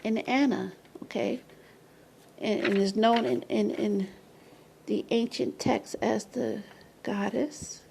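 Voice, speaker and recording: A woman talking casually to her camera, rambling, repeating words and breaking into loud laughing asides. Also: mid-range voice, steady tone, slow, gravelly, slight background noise. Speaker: video presenter. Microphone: camera mic.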